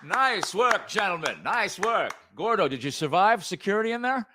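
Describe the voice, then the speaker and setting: Lively man reading stage directions. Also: high-pitched, moderate pace, background noise. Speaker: podcast host.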